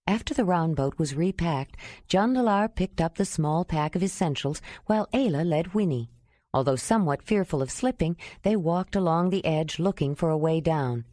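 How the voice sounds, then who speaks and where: A woman reading a novel aloud as an audiobook narrator, measured and even. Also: sits low, no echo, studio quality. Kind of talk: scripted narration.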